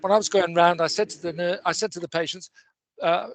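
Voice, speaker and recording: This patient representative on a conference panel has a high voice and talks fast, with noise in the background. His style is rambling and probing, packed with sharp questions.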